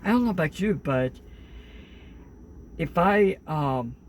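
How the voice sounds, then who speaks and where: A man's voice: on the high side, expressive, slow pace, slight background noise. Earnest rambling young man. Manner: rambling, earnest, many fillers and restarts. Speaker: vlogger. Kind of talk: casual opinion monologue.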